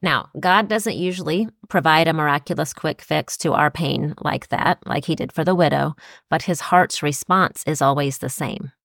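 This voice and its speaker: A woman's voice: low voice, moderate pace, vocal fry, fairly bright tone, dry recording, studio quality. A woman co-hosting a Christian podcast, speaking earnestly and reflectively while citing scripture. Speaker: podcast co-host.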